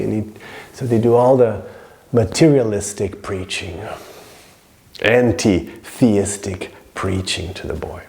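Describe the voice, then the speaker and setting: A man's voice: fairly low pitch, steady tone, a little slow, a little mellow. A man teaching a spiritual story in a casual, rambling way, full of fillers. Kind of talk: storytelling lesson.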